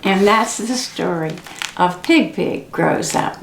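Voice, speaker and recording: A woman's voice: mid-range voice, expressive, slow, creaky, echoey room, slight background noise. A woman reading picture books and singing animal songs for preschoolers at a library story time, playful and sing-song. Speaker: children's librarian. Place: library room.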